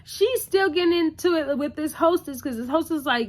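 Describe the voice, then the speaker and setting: Chatty woman with a lively voice. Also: high-pitched, fairly quick, few pauses. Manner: chatty and opinionated, with lots of "like" and "you know". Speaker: TV episode recap vlogger. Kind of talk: casual episode recap.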